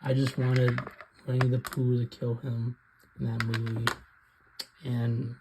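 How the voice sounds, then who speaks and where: Slow, flat-voiced man ranting about movies. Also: mid-range voice, very noisy. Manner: rambling, hesitant, many ums. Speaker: video host. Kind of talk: casual rant about films.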